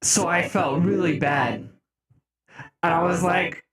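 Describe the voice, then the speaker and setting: A young man streaming live, chatting casually with his viewers, laughing often and breaking into mock-outraged shouts. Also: high-pitched, unhurried. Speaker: music streamer. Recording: roomy echo.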